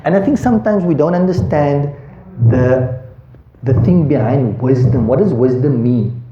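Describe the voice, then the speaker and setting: A man's voice: medium pitch, unhurried, slight background noise. A man teaching a Quran lesson, thinking aloud, quizzing his students, and reciting Arabic verses swiftly. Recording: echoey room, dull lo-fi sound.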